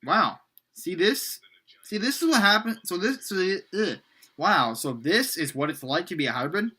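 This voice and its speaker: A man voicing a young male tiger hybrid, reading his lines a bit higher and with halting excitement. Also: breathy edge, exaggerated voice. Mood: dismayed.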